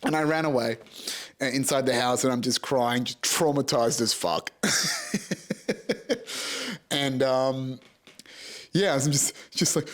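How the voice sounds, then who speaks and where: A man's voice: medium pitch, takes it slowly, long pauses. An Australian man in his thirties hosting a podcast, telling a comic story with lots of swearing and laughter. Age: 30s. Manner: profane, animated, laughs through his story. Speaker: podcast host.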